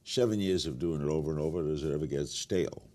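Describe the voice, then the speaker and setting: A man's voice: extremely low pitch, fast, a little mellow. An older man hosting a talk show, asking brief, direct questions. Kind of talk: interview questions and show intro.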